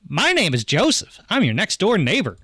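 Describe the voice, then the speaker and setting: A man's voice: fairly high pitch, very animated, quick pace, dry recording, studio quality, voice pushed up. A man doing a cheery clean-cut dad neighbor. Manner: bright, overly friendly, Southern-tinged.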